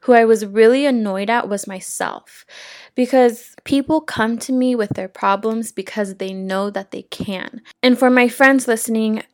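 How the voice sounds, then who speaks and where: A woman's voice: fairly high pitch, a little slow, a little mellow, dry recording, studio quality. Earnest young woman podcast host. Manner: earnest, effusive and grateful, repeating words for emphasis. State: a little out of breath. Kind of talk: casual wellness podcast monologue.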